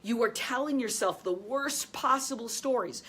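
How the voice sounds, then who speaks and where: A woman hosting a coaching video, teaching energetically and addressing viewers directly, laughing often, then softening to a calm low voice to guide breathing. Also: moderate pace, husky. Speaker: host, life and business coach.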